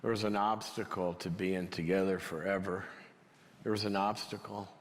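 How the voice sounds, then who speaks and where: A man telling a story as part of a teaching talk, conversational and dropping to a hush for quiet moments. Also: low-pitched, level tone, moderate pace. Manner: conversational, drops to a near whisper for quiet moments. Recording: long hall reverb.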